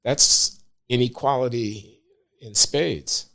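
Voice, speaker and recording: Measured, emphatic older man guest. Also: mid-range voice, bright, forceful tone. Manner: measured, emphatic, hesitant uhs. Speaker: podcast guest. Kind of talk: opinionated talk.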